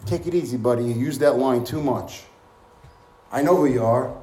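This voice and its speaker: A man's voice: medium pitch, moderate pace, mellow, reverberant, voice pushed down, natural voice. A man voicing a stern male prophet who answers firmly and bluntly, refusing to give in. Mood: firm dismissive. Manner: firm, blunt, dismissive.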